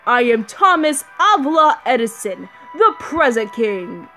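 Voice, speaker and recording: A woman voicing a huge lion-headed male king who speaks in a big, pompous monotone, with faint music behind. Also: on the high side, a little slow, exaggerated voice. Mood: grandiose. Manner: grandiose, speechifying.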